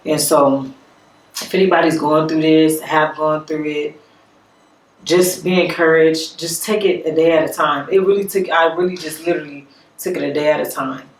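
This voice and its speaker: Gravelly-voiced woman, halting and earnest. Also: low-pitched, steady tone. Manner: halting, with frequent restarts and repeated words; earnest and reflective. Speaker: vlogger. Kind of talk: personal vlog talk. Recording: echoey room, voice from a distance.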